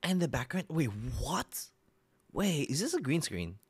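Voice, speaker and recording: An Australian man hosting a live reaction stream, chatting excitedly with chat and lots of fillers. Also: fairly high pitch, unhurried, very noisy.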